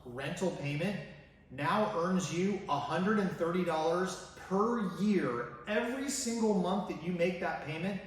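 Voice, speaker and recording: A man's voice: sits high, a little slow. A man hosting a personal finance video, talking straight to the viewer with enthusiasm and many rhetorical questions. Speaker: finance YouTuber. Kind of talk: direct-to-camera finance vlog. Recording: very echoey room, mic at a distance.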